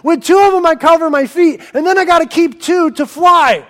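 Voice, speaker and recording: A man voicing a brash, casual male angel who shouts in slangy disbelief. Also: very high voice, moderate pace, pitched above the performer's own voice. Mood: exasperated.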